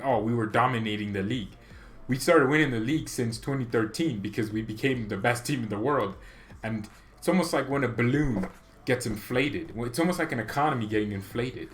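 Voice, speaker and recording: Excitable opinionated man in a fan vlog. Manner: rambling, opinionated and excitable, with sudden jumps in pitch and loudness. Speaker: football fan channel host. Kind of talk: casual fan reaction vlog.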